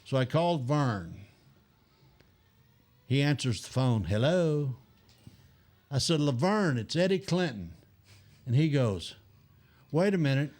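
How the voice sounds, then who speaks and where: An older man telling animated anecdotes as a guest in a casual chat, acting out other people's lines. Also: mid-range voice, slow, long pauses.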